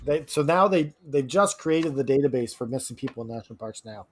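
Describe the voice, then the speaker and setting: A man from Canada co-hosting a casual podcast, chiming in with relaxed, joking comments. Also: mid-range voice, a little fast. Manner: laid-back, joking asides. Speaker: podcast co-host. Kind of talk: casual chat.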